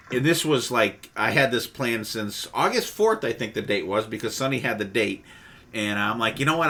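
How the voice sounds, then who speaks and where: Bright-voiced man hosting a casual podcast. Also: lowish voice. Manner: rambling, restarts often, swears casually. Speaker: podcast host. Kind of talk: casual chat.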